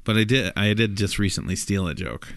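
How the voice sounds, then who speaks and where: A low-voiced man co-hosting a casual podcast. He rambles through a long joke and keeps jumping up in pitch to act out each character. The sound is dry and close, with no room around it. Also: expressive, fairly quick, vocal fry, fairly bright tone, no echo. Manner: rambling storyteller, acts out characters' lines with jumps in pitch. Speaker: podcast co-host.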